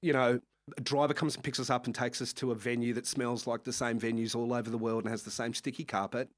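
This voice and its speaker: A man with an Australian accent, a music manager telling lively anecdotes in a casual interview. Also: medium pitch, fast talker. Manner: animated anecdotes with frequent laughs and acted-out quotes. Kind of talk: casual storytelling chat.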